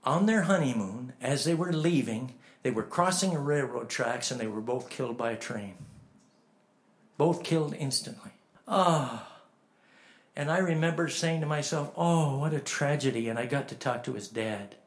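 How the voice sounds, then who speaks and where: A man preaching a storytelling sermon, swinging from hushed to emphatic and asking the listeners direct questions. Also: medium pitch, expressive, normal speed.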